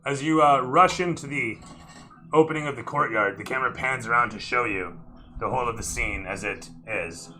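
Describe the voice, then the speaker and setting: A man's voice: medium pitch, moderate pace, pushed and bright, a little hiss or hum, poor audio. A man running a tabletop role-playing game as dungeon master, narrating scenes like camera shots and dropping into casual, swearing asides.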